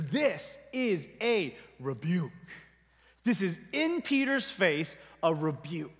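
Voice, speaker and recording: Pastor guy preaching, kinda high voice, chatty and emphatic, big reverby church hall. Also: sing-song, takes it slowly. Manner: conversational, emphatic, trails off quietly at line ends. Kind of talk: sermon.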